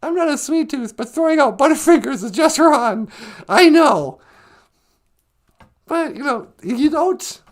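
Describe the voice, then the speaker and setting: A man putting on a high, creaky, sing-song voice as a chatty trickster character who hosts a live stream, rambling and opinionated. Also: expressive, unhurried, pauses often, full character voice. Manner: rambling, opinionated, mocks and laughs.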